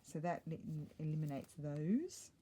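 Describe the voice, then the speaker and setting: A middle-aged woman talks her viewers through a craft project in a relaxed, rambling way, often muttering to herself as she decides. Her voice is mellow and sits a little low. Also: measured pace. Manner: chatty, thinks aloud, muttering asides. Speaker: craft vlogger. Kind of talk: casual crafting chat.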